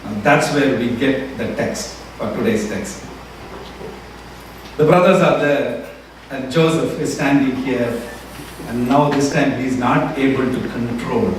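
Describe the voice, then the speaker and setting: Speaking a little slowly in a mid-range voice, a man preaches as pastor in a church sanctuary and retells a story with acted-out quotes. The recording is echoey, picked up by a far-off mic, with faint background noise.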